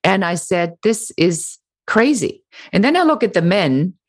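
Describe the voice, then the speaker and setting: Woman, deep register, passionate author being interviewed. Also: a little slow. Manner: animated, emphatic, mocking quoted critics. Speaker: author and entrepreneur, guest. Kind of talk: interview answer.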